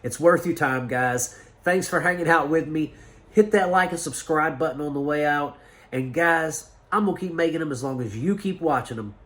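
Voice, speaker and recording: A man's voice: fairly high pitch, normal speed, fairly bright tone. A man casually reviewing a movie for his channel, enthusiastic and rambling, with lots of fillers and restarts.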